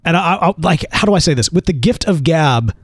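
A man co-hosting a podcast in relaxed conversation, his voice sitting a bit high and swinging widely in pitch. He chats in an animated way, filling gaps with ums and likes. The sound is close and dry, with no room around it. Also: fairly quick, no room sound. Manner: chatty and animated, with frequent fillers and laughs. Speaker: podcast co-host. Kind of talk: casual chat.

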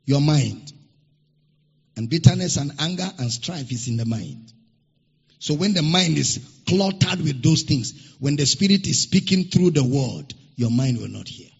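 A man's voice: on the high side, animated, a little slow, gravelly, a little mellow, slightly rough. A man preaching a sermon as a pastor, stressing points by repeating phrases, in a church hall. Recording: dull lo-fi recording with long hall reverb.

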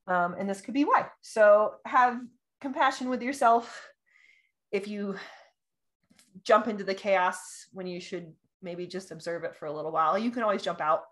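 Bubbly woman chatting with excited bursts. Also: mid-range voice, normal speed. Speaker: podcast co-host. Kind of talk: casual chat about astrology.

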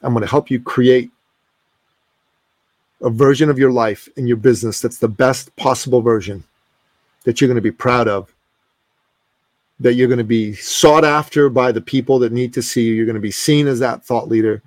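A man's voice: mid-range voice, moderate pace, no room sound. A man in his forties, a podcast guest telling a story emphatically and passionately, often restarting his sentences. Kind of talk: animated storytelling.

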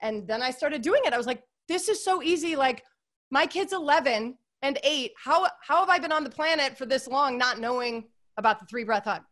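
A woman's voice: high-pitched, animated, a little fast, a bit bright. A woman talking as a podcast guest in a casual, upbeat, gushing way, full of "like" and "you guys". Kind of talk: casual interview chat.

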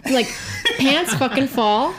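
A young adult woman telling a story in a casual podcast chat, animated, profane and self-mocking. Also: high voice, takes it slowly, music in the background. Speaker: guest storyteller.

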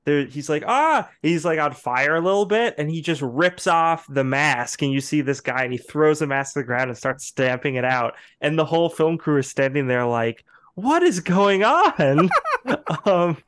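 A man narrating as game master of a tabletop role-play game, halting and full of fillers, often breaking into laughter. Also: a little high, a bit bright, clear, resonant tone.

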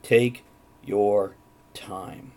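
A man's voice: lowish voice, steady tone, drawn-out words, mellow. A man hosting a casual panel chat, jokey and upbeat as he steers the talk. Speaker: host.

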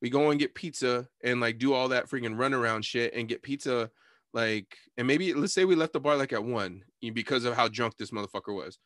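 A man telling a rowdy night-out story in casual chat, swearing and quoting people in sudden high voices, laughing often. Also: a little fast, no echo, studio quality. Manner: animated storytelling, swearing, quoting people with big pitch jumps.

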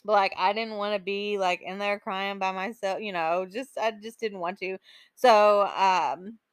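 A woman's voice: medium pitch, steady tone, unhurried, clear, resonant tone, no room sound. A woman hosting a podcast, telling a personal story in a casual, emotional way, with many "like"s and "um"s. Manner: chatty, emotional storytelling full of "like" and "um". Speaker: podcast host.

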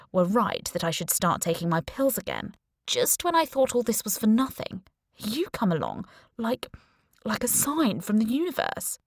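A woman voicing Giles, an excitable, conspiracy-minded young man who talks in eager, earnest bursts. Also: mid-range voice, no room sound, clean studio sound, voice pushed up.

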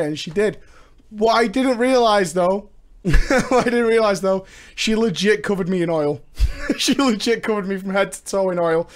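A young man with a high, strained voice that he has mostly lost talks straight into a webcam at a desk indoors. He is excitable and loose, swearing freely and laughing through his chat. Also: normal speed. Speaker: vlogger. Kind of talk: casual webcam vlog.

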